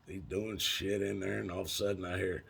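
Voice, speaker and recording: A low, gravelly man with a husky edge, talking in a thick drawl. He spins long, rambling, folksy stories full of cussing and filler words, straight to his viewers. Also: little pitch movement, fairly quick, a bit bright. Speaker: vlogger. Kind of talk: casual storytelling.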